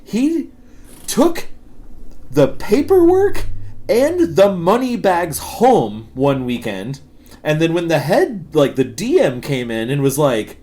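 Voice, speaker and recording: A man's voice: on the high side, very animated, slow, dark tone. Profane laughing storyteller man. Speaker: podcast co-host. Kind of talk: casual storytelling chat.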